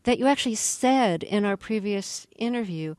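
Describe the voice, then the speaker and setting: A woman hosting a radio interview. Her voice sits at a middle pitch and is recorded dry and close. She asks her questions in a measured, composed way. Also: expressive, a little mellow, dry recording.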